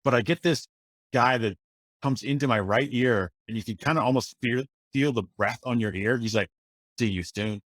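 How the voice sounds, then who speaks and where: A man's voice: mid-range voice, normal speed, dry recording. Man telling a ghost story casually. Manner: relaxed anecdotal storytelling. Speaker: paranormal investigator guest. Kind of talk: casual podcast roundtable chat.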